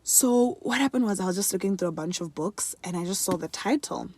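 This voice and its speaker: A young woman chatting casually to camera in a favourites vlog, animated and laughing often, switching between English and another language mid-sentence. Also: medium pitch, fairly quick, slightly rough. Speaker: beauty and lifestyle vlogger. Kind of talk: casual chat.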